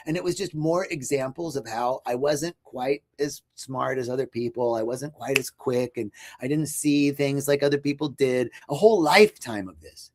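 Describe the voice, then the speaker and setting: A man's voice: medium pitch, moderate pace, hardly any pauses, a little mellow. A man on a podcast telling about his spiritual path in an earnest, searching way, with many fillers and restarts. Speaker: podcast guest. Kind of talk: reflective spiritual storytelling.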